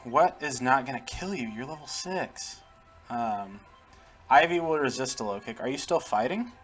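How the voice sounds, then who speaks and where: A man's voice: mid-range voice, lively intonation, moderate pace, fairly bright tone, faint music behind. Chatty man talking over gameplay. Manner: chatty, laughs often, talks to the game. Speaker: gaming channel host. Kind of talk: casual let's-play commentary.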